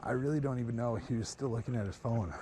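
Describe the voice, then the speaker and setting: A man's voice: mid-range voice, fast, a crowd in the background. A man in casual chat, rambling through a story, acting out what others said and laughing often. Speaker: guest storyteller.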